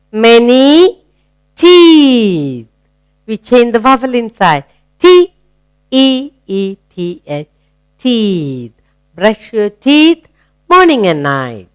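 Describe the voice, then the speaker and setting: A woman's voice: fairly high pitch, clear, resonant tone. A woman teaching a grammar lesson to young children, spelling out words letter by letter and asking them encouraging questions. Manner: slow, sing-song, spelling words letter by letter.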